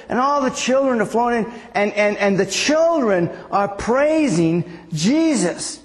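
A man's voice: extremely high pitch, very animated, moderate pace, few pauses, big-room sound. A man preaching a sermon in a rambling, conversational way, often asking the audience questions.

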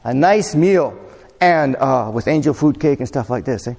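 A man preaching a sermon in a relaxed, conversational way, often putting questions to his congregation. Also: medium pitch, normal speed, vocal fry. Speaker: pastor. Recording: long reverb of a hall.

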